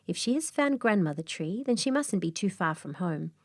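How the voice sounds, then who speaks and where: A woman narrating a calm bedtime fairy tale in a soft, slow, soothing way, sometimes dropping to a whisper. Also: mid-range voice, no room sound, clean studio sound. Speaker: storyteller.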